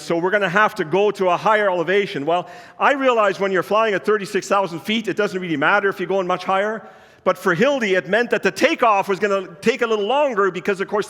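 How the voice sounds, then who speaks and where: A man's voice: high-pitched, a bit bright. A man preaching a sermon, telling a story in an earnest, conversational way. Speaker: pastor. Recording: long reverb of a large hall.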